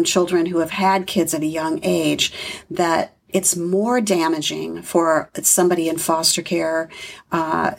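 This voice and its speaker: A woman's voice: lowish voice, creaky, breathy edge. A middle-aged woman, a foster parent, speaking earnestly in an interview with many fillers. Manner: earnest, reflective, with frequent fillers. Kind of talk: conversational interview storytelling.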